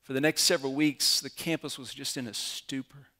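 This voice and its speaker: A pastor in his forties tells personal stories from the pulpit with quiet earnestness. His mid-range man's voice rises into forceful, emphatic peaks as the sermon builds. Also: medium pitch, steady tone, fairly quick.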